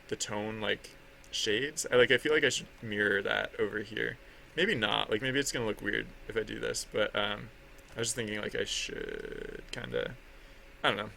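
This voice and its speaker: A man talks loosely on a livestream while working on a drawing. His voice is bright and edged with gravelly fry. He rambles, trips over his words and keeps laughing at himself, with a faint hiss of noise behind him. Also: lowish voice. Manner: rambling, many fillers and restarts, laughs at himself. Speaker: artist streaming his drawing.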